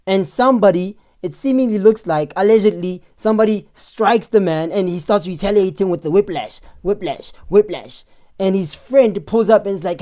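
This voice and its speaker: A man hosting a live stream, giving excitable, chatty commentary on video footage and often breaking off to pause it. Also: high-pitched. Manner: excitable, chatty, keeps saying "hold on".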